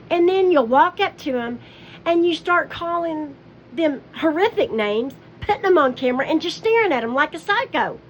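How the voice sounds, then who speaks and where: A woman on a somewhat dull, lo-fi recording with a faint hiss, her voice pitched a little high. She scolds and confronts someone directly, firing accusing questions in an angry commentary. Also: a bit bright. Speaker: commentary vlogger.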